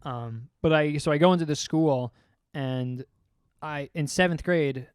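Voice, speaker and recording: Young male podcast co-host, slightly high voice, loose rambling storyteller, dry close mic. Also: a little slow, smooth, no echo. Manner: rambling storyteller, swears often, acts out quotes. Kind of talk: casual chat.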